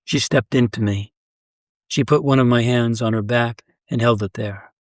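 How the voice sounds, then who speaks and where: A man reading a first-person short story aloud in a measured, even storytelling voice. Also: mid-range voice, no room sound. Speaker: story reader. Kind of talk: scripted narration of a short story.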